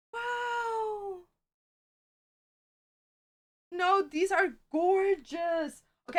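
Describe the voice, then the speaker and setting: A young woman streamer with a slightly high voice chats excitably and casually with her viewers, using slang and laughing readily.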